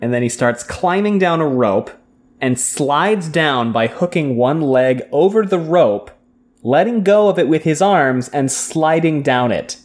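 A woman's voice: low-pitched, lively intonation, measured pace, a little mellow. A woman co-hosting a casual podcast, retelling book scenes and slipping into playful voices for the characters. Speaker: podcast co-host. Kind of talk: casual book recap chat.

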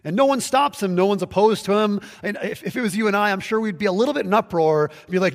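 A man's voice: sits high, lively intonation, fast talker, hardly any pauses. Pastor guy preaching casual-like, restarts a lot, echoey church sound. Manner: conversational, with restarts and acted-out quotes. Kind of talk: sermon. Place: church sanctuary, livestreamed.

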